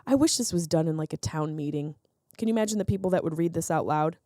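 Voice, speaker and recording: Animated, sarcastic woman podcaster. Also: deep voice, quick pace, dry recording, clean studio sound. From Sicilian heritage, lives in Los Angeles. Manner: animated, sarcastic, jumps into silly voices. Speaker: comedian and podcast host. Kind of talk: comedic podcast monologue.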